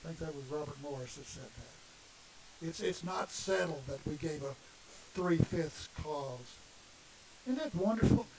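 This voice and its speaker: A man's voice: on the high side, animated, measured pace. A middle-aged man, preaching an impassioned sermon full of emphatic rhetorical questions. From Southern United States. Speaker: minister. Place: congregation meeting room. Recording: distant mic with faint hiss.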